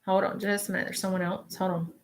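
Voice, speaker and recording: This live stream psychic reading features a woman speaking quickly in a mid-range, creaky voice with flat delivery. As a spiritual medium, she chats away, repeats messages, passes them on as quotes, and reassures viewers with frequent "okay?" check-ins.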